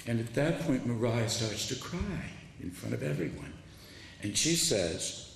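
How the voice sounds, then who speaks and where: An older man giving a public talk as an author, telling classroom stories in an animated way with many restarts. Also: medium pitch, moderate pace. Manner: animated storyteller, quoting students, frequent restarts. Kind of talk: public lecture storytelling. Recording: echoey hall with faint noise.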